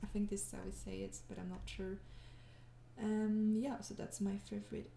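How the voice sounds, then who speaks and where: A tired young woman answering viewer questions in a casual chat, soft-spoken and hesitant, with many pauses and shy laughs. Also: medium pitch, flat delivery, gravelly, echoey room, slight background noise.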